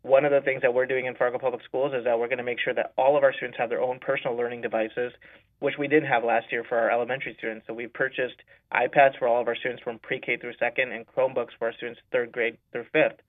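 This is a man in a school superintendent's role, heard over a narrow, tinny phone line. He talks at an ordinary pitch and explains himself methodically, numbering his reasons as he goes. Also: level tone, quick pace. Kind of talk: radio interview by phone.

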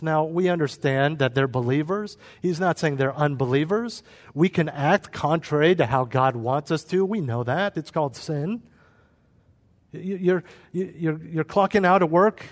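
A man's voice: on the high side, long reverb tail. A man preaching a sermon as pastor, acting out quoted voices along the way.

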